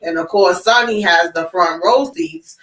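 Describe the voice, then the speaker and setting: A congested woman hosting a casual movie recap, animated and laughing often. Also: lowish voice, unhurried, recorded from a distance, low-quality recording. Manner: animated, laughing, plays quotes. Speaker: host of a movie recap show.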